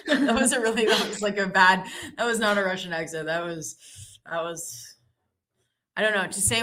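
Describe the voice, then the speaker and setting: Woman stream host, casual and self-deprecating, bright tone. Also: medium pitch, normal speed. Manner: chatty, giggly, self-deprecating. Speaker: live trading stream host. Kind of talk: casual live-stream chat.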